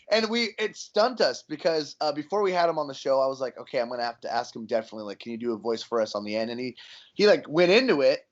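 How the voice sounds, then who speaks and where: A man's voice: mid-range voice, lively intonation, fast, lo-fi sound. A man hosting a radio show, chatting casually with a guest and laughing along. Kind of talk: casual interview chat.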